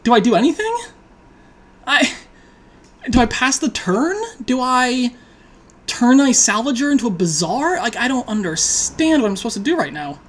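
A woman thinking aloud as she plays an online card game, muttering her options, then pleading, swearing and laughing loudly at the draws. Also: fairly high pitch, lively intonation, normal speed, pauses often. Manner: talks to herself, swings from quiet musing to loud laughing outbursts.

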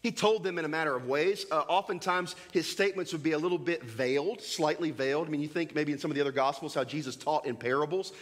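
A man preaching a sermon as pastor, animated and joking, acting out little scenes for his congregation in a church. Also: fairly high pitch, fast, few pauses. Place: church sanctuary.

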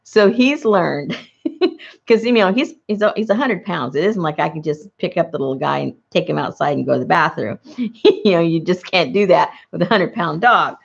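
A woman's voice: lowish voice, animated, normal speed, gravelly, breathy edge, lo-fi sound. A middle-aged woman chatting casually while crafting, rambling through asides and laughing often. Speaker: crafting vlogger.

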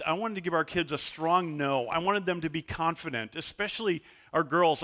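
Middle-aged male pastor, bright slightly high voice, animated sermon storyteller. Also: moderate pace, few pauses. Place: church sanctuary.

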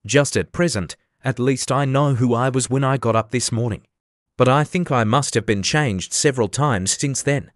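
A man's voice: mid-range voice, moderate pace, no room sound, studio quality, lightly acted. A man voicing a polite, shy young girl, reading her earnest lines in an audiobook.

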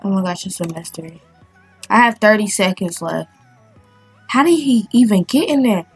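A woman giving casual, excitable commentary as she plays a video game, chatting and thinking aloud as she goes. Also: mid-range voice, moderate pace, husky, no echo, faint music behind. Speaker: gaming channel host.

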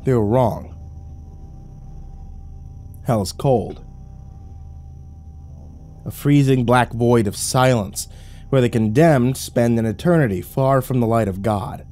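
A man reading a horror story aloud in a slow, grave, brooding manner. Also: mid-range voice, a little mellow. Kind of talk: scripted horror narration. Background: faint music.

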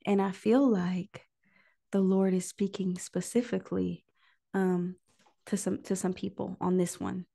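Emotional woman preaching with gravelly fry. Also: mid-range voice, level tone, mellow. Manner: pausing often to listen and think. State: emotional, near tears. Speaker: host of a prayer call livestream. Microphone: livestream microphone.

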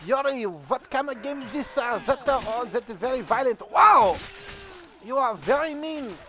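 A man's voice: extremely high pitch, lively intonation, normal speed, sharp tone, voice pushed up, full character voice. A young man voicing a polite, fussy roommate, hesitating with formal phrasing in a comedic gaming video. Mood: bewildered. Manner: formal, hesitant, many fillers. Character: French man, fussy, polite, easily shocked. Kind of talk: comedic gaming character bit.

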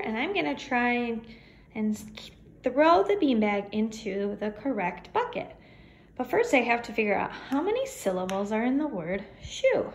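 A woman teaching young children to count syllables. She is cheerful and encouraging, and she stretches words out slowly as she counts their syllables, recorded on a phone she holds in her hand. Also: medium pitch, slight background noise. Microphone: phone held in hand. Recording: echoey room with faint ambience.

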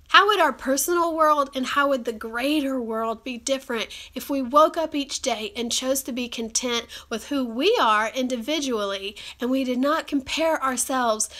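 Her voice sits high with a sharp tone. Suffering from a cold, this woman hosts an encouraging live stream on a phone or webcam, chatting earnestly and leaning on plenty of fillers.

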